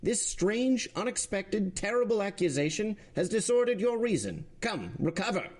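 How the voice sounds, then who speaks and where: A man's voice: sits high, sing-song, moderate pace, darkish tone, pitched above the performer's own voice, exaggerated voice. A man voicing an agitated male court president who fires off insistent questions. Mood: indignant.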